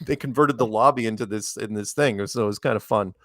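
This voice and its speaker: A man's voice: fairly low pitch, brisk, no echo, studio quality. A man chatting as a guest over a call, rambling and quoting people as he tells a story. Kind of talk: casual chat.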